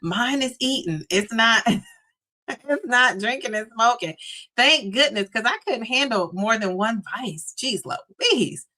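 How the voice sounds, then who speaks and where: Reading her viewers' comments out loud, a middle-aged livestream host chats and laughs a lot in a relaxed live session. She speaks slowly in a fairly high, expressive voice that sounds pushed and bright.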